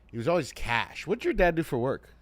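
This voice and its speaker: A man's voice: fairly high pitch, sing-song, fairly quick, no echo. A middle-aged man co-hosting a comedy podcast, telling self-mocking stories in a laid-back, casual way. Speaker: podcast co-host.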